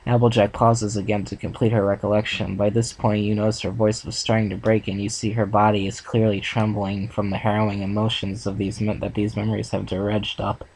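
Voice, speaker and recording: A man reading a second-person fan story aloud for a reaction video, steady with small restarts. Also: lowish voice, brisk, hardly any pauses, slight background noise, rough recording. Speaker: fan fiction reader.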